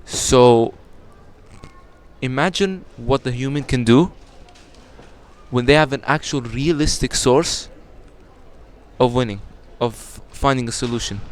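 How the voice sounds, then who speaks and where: Smooth-voiced young man explaining earnestly. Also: medium pitch, slow, long pauses. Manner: earnest, explanatory, builds emphasis. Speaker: podcast guest. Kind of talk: casual podcast answer.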